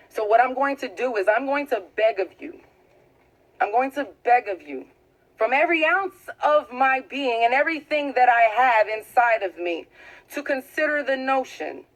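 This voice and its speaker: A woman's voice: fairly high pitch, low-quality recording. A woman from Louisiana giving an impassioned monologue to camera, emphatic and pleading, repeating phrases for force. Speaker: video blogger.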